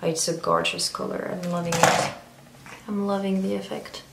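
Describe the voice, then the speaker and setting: A woman chatting casually through a makeup tutorial, meandering and filling pauses with ums. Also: on the low side, steady tone, vocal fry, very noisy. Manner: chatty, meandering, frequent fillers. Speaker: beauty vlogger. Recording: roomy echo.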